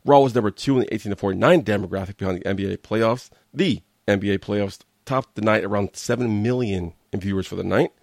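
A fairly low-voiced man rants in a blunt, sarcastic way, sounding worn out and exasperated. His voice sits close and dry with no room around it. It comes across as a casual talk-show take from a regular host. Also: fast talker, vocal fry, few pauses, a little mellow, no room sound. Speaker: wrestling commentary host. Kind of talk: casual opinion rant.

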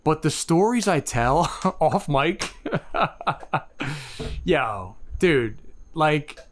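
A man's voice: on the high side, expressive, very slow. A man co-hosting a podcast in a casual, laid-back chat, dropping "dude" and "man" often. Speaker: podcast co-host.

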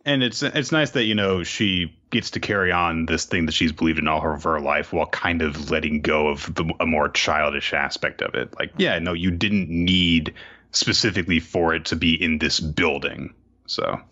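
Deep-voiced man on a dull mic. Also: moderate pace, pushed and bright. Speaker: podcast co-host. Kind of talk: casual chat recapping a comic.

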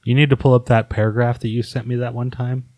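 A man's voice: medium pitch, little pitch movement, fast, no echo. A man co-hosting a casual podcast chat, hedging his opinions with lots of fillers. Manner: hedging, soft-spoken, full of fillers. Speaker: podcast co-host.

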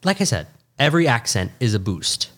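A man's voice: mid-range voice, very animated, fairly quick, a bit bright. A young man, co-hosting a podcast in casual chat, laughing often and rambling with restarts. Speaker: podcast co-host.

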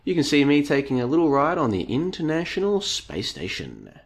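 A man's voice: fairly high pitch, wildly swooping pitch, brisk. A man hosting a live stream. He reads out chat comments and rambles at length, talking to the audience as folks and piling up rhetorical questions, his voice tiring after two hours.

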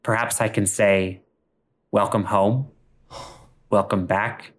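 A man voicing an earnest, loyal friend who speaks in a low, solemn, heartfelt way. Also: level tone, slow.

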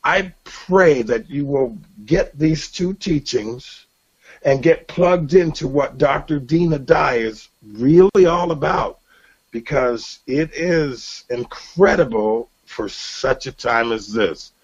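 An earnest middle-aged man hosts a faith talk show, his voice sitting at an ordinary pitch. He speaks in a preacherly way, often restarting his sentences. The sound is dull and lo-fi, like an older broadcast recording. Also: slow, slightly rough. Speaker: radio show host. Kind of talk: emotional personal testimony and show sign-off.

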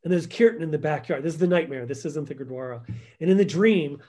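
A man telling stories as a guest in a conversational interview, acting out quotes and trailing off softly. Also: a little high, animated, quick pace.

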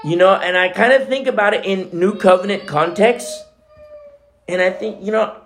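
A man's voice: high voice, moderate pace, a bit bright, slight background noise. A man preaching a sermon as co-pastor, talking in a conversational way with many asides.

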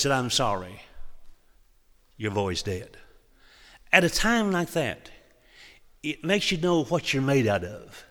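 A man's voice: fairly high pitch, a bit bright, big-room sound. A man from Oklahoma, preaching and telling a testimony in a folksy, humorous, dramatic way. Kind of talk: sermon testimony storytelling.

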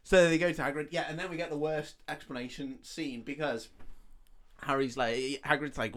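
A man's voice: fairly high pitch, steady tone, normal speed, a bit bright. Brief: male podcast co-host, casual film recap, swears a lot, laughs easily, quotes characters in voices.

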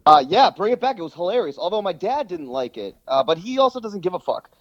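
Male caller, casual, swearing, animated, highish voice. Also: fast, no echo, highs cut off. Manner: laughing, swearing, lively. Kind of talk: casual phone-in chat.

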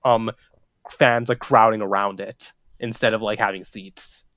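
A man in casual podcast chat, animated and profane, filling his talk with "like". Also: fairly low pitch, a little slow, no echo, lo-fi sound. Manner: animated, profane, says "like" a lot. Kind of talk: casual chat about wrestling.

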